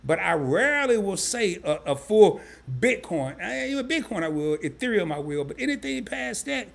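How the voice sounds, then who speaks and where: A man's voice: sits high, big pitch swings, moderate pace, vocal fry. A man hosting a live stream, casually breaking things down step by step and often repeating himself. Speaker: crypto live stream host. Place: home setup, sharing his screen.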